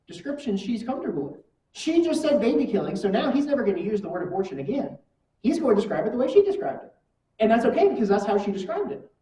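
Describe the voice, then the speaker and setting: A woman leads a church class in an easygoing way, putting question after question to her listeners. Her voice is soft and mellow. She sounds set back from the microphone in a roomy, echoing space. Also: on the high side. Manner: asks the class rhetorical questions. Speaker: Bible class teacher. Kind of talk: conversational church lesson. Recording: echoey room from far mic.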